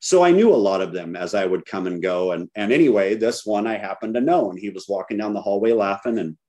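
A man's voice: lowish voice, lively intonation, fast talker, mellow. A middle-aged man giving a candid personal recovery talk to a group, telling his story with self-deprecating humor. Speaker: recovery speaker.

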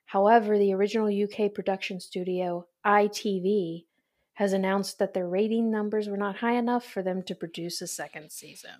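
Woman host, mid-pitched, playful and chatty, reading a quiz. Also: fairly even intonation, normal speed, darkish tone. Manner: chatty, playful, laughs often. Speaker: podcast host. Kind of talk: casual chat, reading quiz questions.

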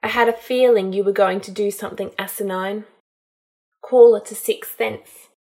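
A woman's voice: medium pitch, fairly even intonation, moderate pace, warm tone, natural voice. A woman reading a storybook, voicing a cool, sardonic young male wizard with a dry, dismissive manner.

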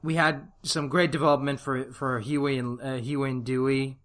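A man co-hosting a casual review chat, animated and often laughing. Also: mid-range voice, moderate pace. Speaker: podcast co-host.

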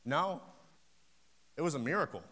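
A man's voice: fairly high pitch, animated, normal speed, pushed and bright. A man preaching a sermon, fervent and building to emphatic peaks as he tells stories of ministry. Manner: storytelling, acting out phone conversations. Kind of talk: sermon with personal story.

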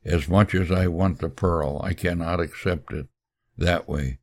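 A humble male missionary speaks earnestly, with a man reading him aloud. His voice is extremely low and gravelly, and he talks slowly with gentle sincerity.

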